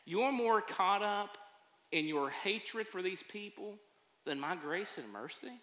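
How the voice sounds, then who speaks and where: A man voicing God as a patient male figure who questions calmly and gently chides. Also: sits high, slow pace, full character voice. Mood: gently chiding. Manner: calm, probing rhetorical questions. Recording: echoey church sanctuary.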